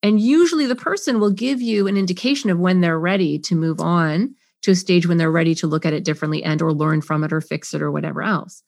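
A middle-aged woman talking as a parenting coach on a podcast, expressive, acting out scenes and asking rhetorical questions. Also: lowish voice, no room sound, studio quality. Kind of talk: podcast guest conversation.

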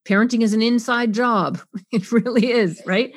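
A middle-aged woman talking as a parenting coach on a podcast, expressive, acting out scenes and asking rhetorical questions. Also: a little high, normal speed, dry recording. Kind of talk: podcast guest conversation.

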